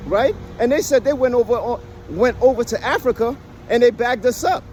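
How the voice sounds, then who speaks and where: A man's voice: very high voice, moderate pace, darkish tone, a little hiss or hum. A man from the United States giving a casual, emphatic monologue to his viewers, often tossing in "right?" as he argues a point. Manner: keeps asking "right?" as he lectures; emphatic, questioning, persuasive. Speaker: vlogger. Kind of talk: casual talking-to-camera monologue.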